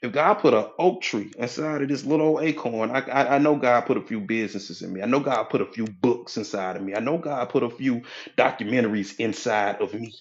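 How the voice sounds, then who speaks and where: In a live audio app room, a motivational speaker and hypnotherapy coach gives a preachy, folksy talk, repeating his points for emphasis. His medium-pitched voice moves a little fast, and the audio sounds dull.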